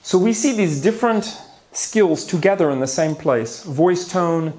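Male lecturer, theatrical, playful asides, fairly high voice, conference talk. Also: measured pace, warm tone. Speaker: neuroscience lecturer. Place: conference hall before an audience.

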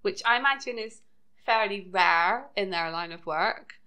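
British woman, podcast co-host, bright voice, chatty and giggly. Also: medium pitch, measured pace. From United Kingdom. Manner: chatty, laughs often. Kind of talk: casual chat recapping a TV episode.

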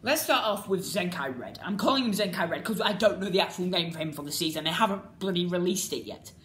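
A woman's voice: lowish voice, lively intonation, fast. Exasperated ranting woman in an echoey room. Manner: exasperated, repetitive, swings between loud outbursts and muttering. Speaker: vlogger reviewing a TV series. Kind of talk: ranting casual commentary. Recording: echoey room with faint background noise.

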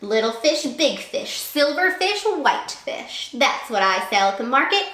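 A woman voicing a greedy, stubborn fisherman in a storybook, speaking slowly and gloatingly. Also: big pitch swings, pushed and bright, heavily acted. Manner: gloating, slow, raised pitch. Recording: roomy echo.

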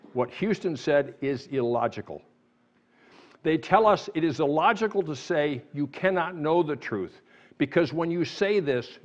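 Animated preacher man, lo-fi church sound. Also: fairly high pitch. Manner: animated, rising to emphatic sarcastic outbursts. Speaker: pastor. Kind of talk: sermon. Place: church sanctuary.

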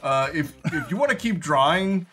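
A man's voice: on the high side, expressive, normal speed, bright, forceful tone, soft background music. A man co-hosting a casual chat while drawing, joking and laughing often. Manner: jokey, laughs often, puts on silly voices. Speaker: podcast co-host.

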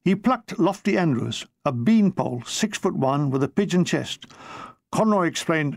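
An older man from England reading his own war memoir aloud, with dry comic timing and quick jumps into put-on voices. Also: a little high, animated, creaky, a little mellow, no room sound.

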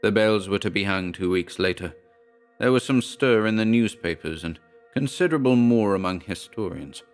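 A man with a very deep, smooth, resonant voice reads a horror tale in a measured, grave way. He is close to the mic, and soft music plays faintly beneath his words. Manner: measured, grave storytelling with quoted dialogue read plainly. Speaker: narrator. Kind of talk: scripted horror narration.

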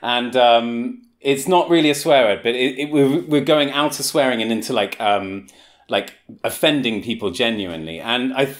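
A man hosting a podcast, relaxed and chuckling, often trailing off softly at the ends of his sentences. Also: mid-range voice, moderate pace. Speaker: podcast host. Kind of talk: casual chat.

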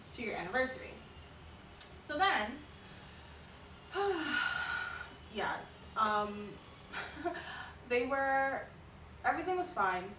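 A woman's voice: on the high side, a bit bright. A woman streamer chatting through a story with lots of fillers and sighs. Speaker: artist and streamer. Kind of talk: casual storytelling on a livestream. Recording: roomy sound, mic at a distance, faint noise.

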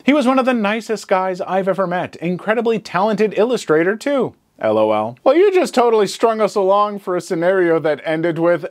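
Male narrator reading stories with sarcastic commentary; animated, lively pitch. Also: a little fast, few pauses. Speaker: story narrator.

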